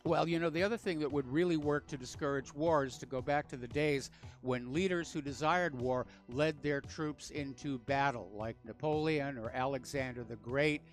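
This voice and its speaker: Brief: male radio host, earnest and measured, mid pitch, faint music underneath. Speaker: radio talk show host. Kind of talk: talk radio conversation.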